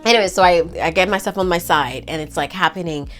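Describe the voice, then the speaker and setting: A woman in her thirties chatting casually to her viewers, telling a personal story in an animated, talkative way. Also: fairly low pitch, quick pace, soft background music. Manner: chatty, animated, addresses viewers as girl and y'all.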